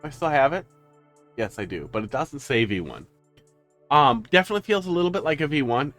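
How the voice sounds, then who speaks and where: A man's voice: fairly high pitch, sing-song, a little fast, fairly bright tone, faint music behind. A man streaming live, chatting casually with his viewers and cooing to his pets.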